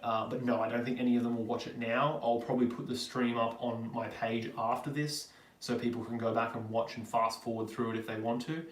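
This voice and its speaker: A man's voice: medium pitch, flat delivery, brisk. Australian man in his twenties, roomy and distant. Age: 20s. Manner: chatty and rambling, answering viewers. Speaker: vlogger host. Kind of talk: live-stream Q&A chat.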